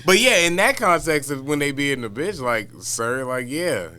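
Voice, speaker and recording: Bright, smooth-voiced laid-back man. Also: a little high, lively intonation, normal speed. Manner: laid-back, detailed storytelling, laughs often. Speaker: podcast co-host. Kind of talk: casual chat. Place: Wisconsin.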